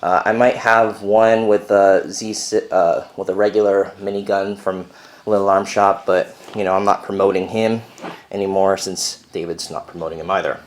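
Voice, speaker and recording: A man's voice: low-pitched, fairly even intonation, moderate pace. A young man giving a casual, rambling video update from his bedroom, with many fillers. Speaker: Lego builder vlogger. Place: bedroom at home.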